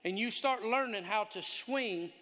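A man preaching a sermon in a folksy, animated way, telling stories and laughing along with them. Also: high-pitched, measured pace. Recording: long hall reverb.

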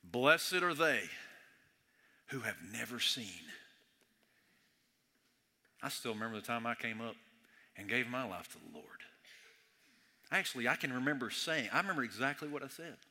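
A man preaching a sermon in a church, conversational and joking, swinging between hushed and loud. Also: mid-range voice, sing-song, normal speed, long pauses. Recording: echoey hall reverb.

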